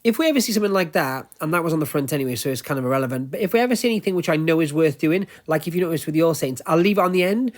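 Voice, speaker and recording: A man's voice: a little high, animated, very fast, few pauses. A man with a Welsh accent, chatting casually and at length while browsing a charity shop, talking into a wearable action camera. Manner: chatty, rambling, explains at length. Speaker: luxury resale vlogger. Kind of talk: casual chat while shopping.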